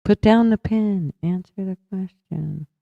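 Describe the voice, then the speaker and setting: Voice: mid-range voice, measured pace, vocal fry, dry recording, dull audio. A livestream host in casual political chat, tired and yawning, talking loosely and answering viewer comments aloud.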